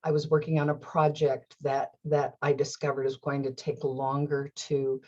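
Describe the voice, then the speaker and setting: A woman with a low, husky voice tells a personal story in a casual, animated way. She often laughs and restarts her phrases. The recording sounds slightly dull and lo-fi. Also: moderate pace. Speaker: host.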